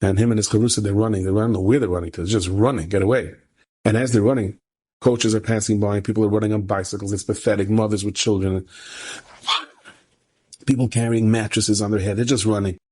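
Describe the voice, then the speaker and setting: A rabbi telling a story in an animated sermon style, repeating phrases for emphasis and jumping into high voices for the characters. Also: male voice, fast talker. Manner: animated, acts out characters with sudden high-pitched quoted voices.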